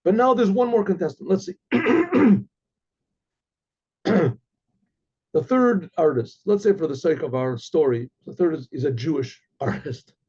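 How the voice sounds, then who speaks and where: High-voiced husky man telling a story. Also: a little slow, pauses often, dull audio. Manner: animated, clears throat often. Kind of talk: oral storytelling.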